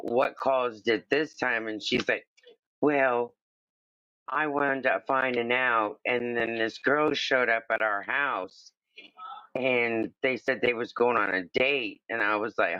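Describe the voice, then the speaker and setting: A man's voice: lowish voice, bright, forceful tone, no echo, muffled recording. A man chatting casually on a livestream, telling a long rambling story and acting out the other people's lines. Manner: rambling storyteller, acts out quoted dialogue.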